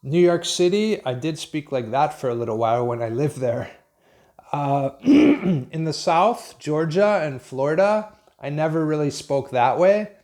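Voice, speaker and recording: A man with an American accent, from Pennsylvania, giving an unscripted English lesson in a slow, thoughtful way with many pauses and restarts. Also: a little high, animated, darkish tone. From Pennsylvania, USA. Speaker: English teacher.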